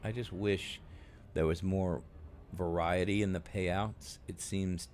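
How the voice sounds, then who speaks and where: A man's voice: low-pitched, fairly even intonation, takes it slowly, a little mellow, slight background noise. A man casually chatting on a live stream while he plays, rambling along with plenty of fillers. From United States. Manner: rambling, laid-back, many fillers. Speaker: game streamer.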